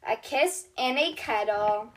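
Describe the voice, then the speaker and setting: Casting: a woman playing a kind, reassuring little girl doctor, high and bright, storybook read-aloud. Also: slow. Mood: cheery. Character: cheerful, caring young girl toy doctor.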